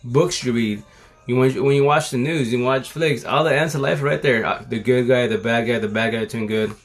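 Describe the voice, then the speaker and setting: A man's voice: mid-range voice, fairly quick. Streetwise man preaching on a livestream. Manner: streetwise slang, repetitive, preachy. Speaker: livestream host. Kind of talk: casual livestream monologue. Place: at home, live stream. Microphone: phone.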